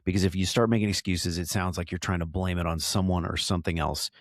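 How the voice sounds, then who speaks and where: A man co-hosting a podcast, giving plain, steady advice in a casual chat. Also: sits low, quick pace, no echo, clean studio sound. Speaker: podcast co-host.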